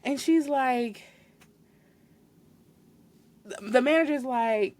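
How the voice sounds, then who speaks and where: Animated young woman telling stories. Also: on the high side, normal speed. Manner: animated, exasperated retelling with laughs. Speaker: podcast host. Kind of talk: casual storytelling.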